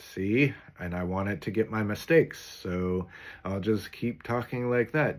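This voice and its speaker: Slow, deliberate man with a lowish voice. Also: steady tone, a little mellow. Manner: slow, deliberate and clear, listing words one by one. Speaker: YouTuber and music producer. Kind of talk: unscripted talk for a voice-cloning sample.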